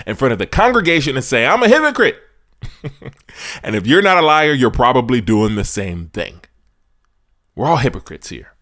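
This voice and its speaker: This sports podcaster, a man with a medium-pitched voice, lectures his audience directly in laid-back slang. He alternates between booming emphasis and quiet asides.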